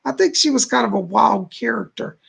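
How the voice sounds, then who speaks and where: Gravelly, husky man doing live psychic readings. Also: very high-pitched, lively intonation, brisk, fairly bright tone. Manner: chatty, relays messages with frequent "she said". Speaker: psychic medium. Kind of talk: live-streamed readings for viewers.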